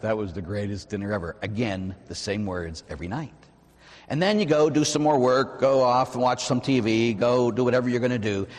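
A male Catholic priest giving a sermon, moving between soft prayerful passages and animated storytelling. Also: mid-range voice, husky, big-room sound. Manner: animated preaching, soft prayerful asides and acted-out quotes. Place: church.

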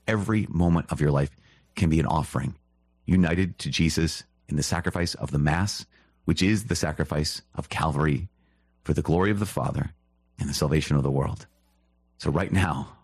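Male priest, low husky voice, earnest exclamatory preaching, dry sound. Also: darkish tone, no echo. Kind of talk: catechism teaching.

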